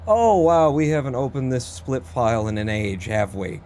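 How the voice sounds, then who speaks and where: A man giving live commentary while he plays through a speedrun, excitable and talking quickly, with sudden jumps in pitch. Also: a little hiss or hum. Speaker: speedrunner streamer.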